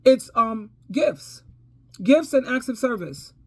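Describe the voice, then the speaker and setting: This advice vlogger speaks slowly in a fairly high, sing-song voice with a slightly rough edge. Her casual storytime advice is preachy and emphatic; she calls people "baby" and "girl," repeats phrases for emphasis, and laughs between points.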